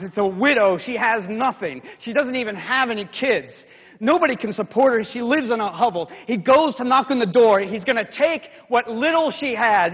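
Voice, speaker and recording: A man preaching a sermon as a dramatic story, acting it out and swinging from hushed whispers to shouted calls. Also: sits high, husky. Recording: dull lo-fi recording in a reverberant hall.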